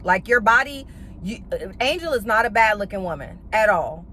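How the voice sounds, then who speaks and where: A woman's voice: mid-range voice, moderate pace, slight background noise. A woman giving a casual, blunt and profane recap of a reality TV episode, full of sassy slang. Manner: animated, with playful slang.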